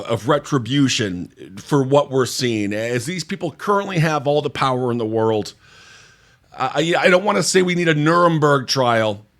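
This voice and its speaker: A man's voice: a little high, a bit bright. A man hosting a political commentary podcast, blunt, indignant and profane. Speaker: podcast host.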